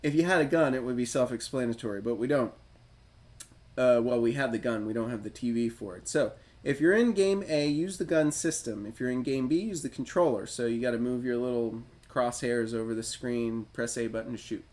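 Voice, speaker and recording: A man's voice: medium pitch, a little fast, darkish tone. A man hosting a retro gaming livestream, reading a game manual aloud and riffing on it in a chatty, self-deprecating way. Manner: chatty, self-deprecating, reads instructions then riffs on them.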